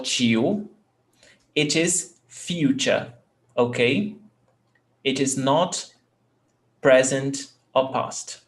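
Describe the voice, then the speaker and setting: A man teaching a language lesson, explaining slowly and checking in with his students. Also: fairly high pitch. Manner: slow, deliberate explanations with frequent "okay?" check-ins. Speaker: Portuguese teacher.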